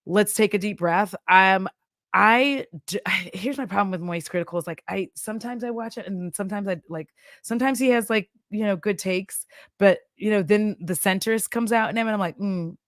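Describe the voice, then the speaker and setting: A woman's voice: medium pitch, normal speed, dry recording, studio quality. A woman from Texas, giving casual, rambling commentary full of laughs and side notes. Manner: chatty, laughs often, tangents and asides. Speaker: commentary YouTuber.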